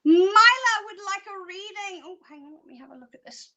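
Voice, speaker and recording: A woman psychic doing live card readings, chatty and excitable, laughing often. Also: very high-pitched, brisk. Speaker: psychic reader.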